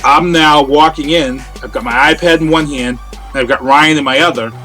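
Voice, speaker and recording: A man, a guest on an interview show, telling a story in a casual, animated way over a remote call. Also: a little high, moderate pace, faint music behind. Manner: animated, acts out quoted voices. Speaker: interview guest, radio personality. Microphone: remote call from home.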